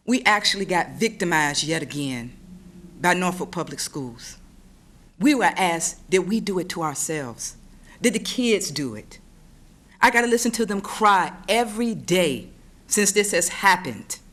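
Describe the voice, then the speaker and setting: A woman's voice: mid-range voice, a bit bright, slight background noise. Tearful mother pleading at a podium. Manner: emotional, pleading, voice near tears. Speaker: parent speaking at public comment. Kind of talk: public comment at a school board meeting. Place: school board meeting room.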